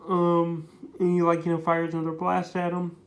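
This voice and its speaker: Somewhat high-voiced and completely flat, this man talks at a moderate pace through a casual comic book review. He rambles, keeps saying "basically" and "like," and praises the book again and again, all in an echoey room.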